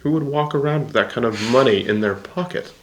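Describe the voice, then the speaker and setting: A man's voice: medium pitch, fairly quick, a little hiss or hum. A man playing a tabletop game, talking casually in a rambling, hesitant way with many restarts. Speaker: player. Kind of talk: casual tabletop role-play.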